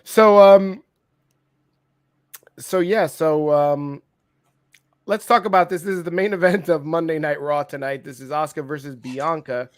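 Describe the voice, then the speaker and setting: A man with a slightly higher voice co-hosts a casual wrestling review chat. He jokes and swears freely, and his mock outrage runs through the talk. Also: a little slow, long pauses. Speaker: podcast co-host.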